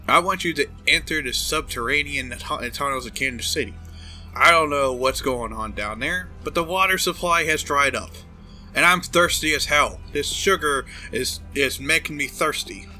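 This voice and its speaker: A man's voice: fairly high pitch, moderate pace, sharp tone, soft background music, pitched above the performer's own voice. A man voicing a gluttonous, arrogant male corporate boss in a comedic fan dub of a game, crude and boastful. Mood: smug. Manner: crude, boastful, smacking over cake.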